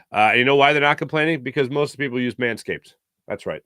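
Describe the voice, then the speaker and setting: A man's voice: medium pitch, lively intonation, brisk, a bit bright, no echo, clean studio sound. A man hosting a sports talk show, telling stories in a chatty, self-mocking way. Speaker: podcast host. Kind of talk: casual monologue.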